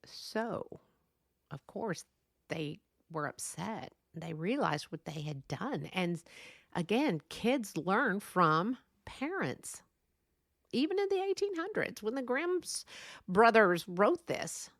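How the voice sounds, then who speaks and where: A woman's voice: medium pitch, sing-song, slow pace, no room sound, studio quality. A middle-aged woman hosting a podcast, casually retelling an old story in a chatty, rambling way with asides and restarts. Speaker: podcast host.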